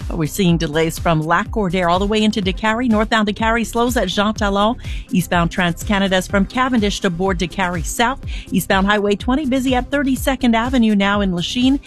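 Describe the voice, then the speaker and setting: A woman reading a radio traffic report in a brisk, matter-of-fact way. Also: medium pitch, faint music behind.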